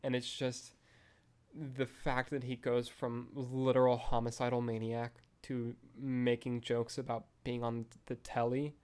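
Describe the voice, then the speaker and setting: Flat-voiced young man rambling casually. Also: medium pitch, a little slow, clear, resonant tone. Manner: rambling, heavy use of "like" and "um". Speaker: podcast host reviewing a film. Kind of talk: casual chat.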